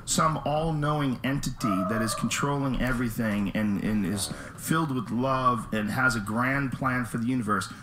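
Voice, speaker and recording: A man's voice: medium pitch, moderate pace, few pauses, reverberant, noisy background. A man talking in a mocking, sarcastic tone, heard as a clip being reacted to. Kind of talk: stand-up style talk played in a reaction video.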